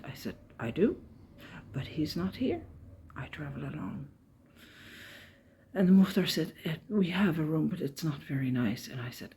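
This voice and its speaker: A woman's voice: sits low, lively intonation, moderate pace, pauses often, mellow, slight background noise. A woman on a walking pilgrimage, chatting casually to camera as she tells the day's story, emotional and close to tears. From Ireland. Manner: chatty storytelling, retelling conversations. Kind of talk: casual travel vlog.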